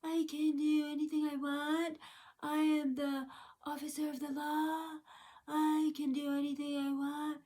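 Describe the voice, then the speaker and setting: A woman putting on a smug, breathy police sergeant. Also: high voice, little pitch movement, measured pace, dark tone, voice pushed up. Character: dismissive female police sergeant, smug and curt.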